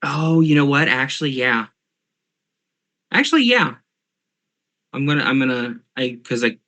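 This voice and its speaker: A man's voice: medium pitch, pushed and bright. A man narrating as game master of an online tabletop game, hesitant with many fillers.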